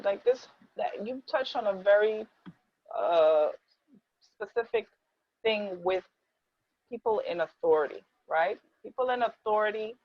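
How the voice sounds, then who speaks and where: Emphatic woman host, slightly muffled. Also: medium pitch. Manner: emphatic, repeats herself, acts out quoted speech. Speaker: podcast host. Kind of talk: casual panel discussion.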